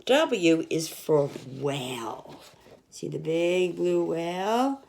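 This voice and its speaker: A woman's voice: low-pitched, gravelly. A young woman teaching children, reading an alphabet picture book aloud and sounding out each letter. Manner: slow, sounding out letters, lively sing-song.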